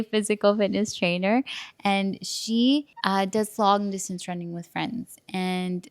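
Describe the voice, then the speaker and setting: A woman's voice: medium pitch, fairly even intonation, slow. A young woman co-hosting a casual podcast conversation, chatty and giggly, with frequent ums. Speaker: podcast co-host.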